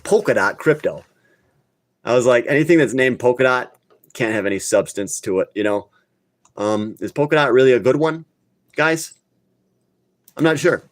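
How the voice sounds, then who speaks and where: A man hosting a live online market chat, talking off the cuff in a blunt, excitable way and scolding his viewers when he gets worked up. His voice sits in an ordinary middle pitch and is recorded dry and close, with no room sound. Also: normal speed, long pauses, no echo. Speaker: crypto channel host. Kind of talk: live casual market talk.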